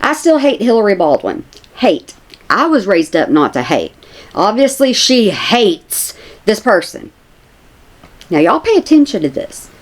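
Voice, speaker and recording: A woman's voice: mid-range voice, very animated, measured pace. A woman, chatting casually to her viewers as a commentary vlogger, repeating herself for emphasis.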